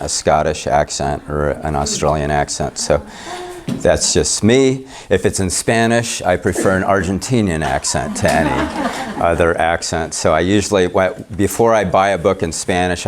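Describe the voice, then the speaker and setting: A man's voice: low-pitched, slight background noise. A man leading a Bible study class, talking in a chatty, rambling way with easy humor about himself. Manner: chatty, rambling, self-deprecating. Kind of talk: casual class discussion.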